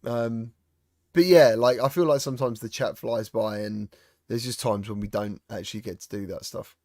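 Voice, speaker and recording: A man's voice: mid-range voice, normal speed, no room sound. Chatty male podcast host, dry sound. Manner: chatty, animated storyteller. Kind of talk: casual chat.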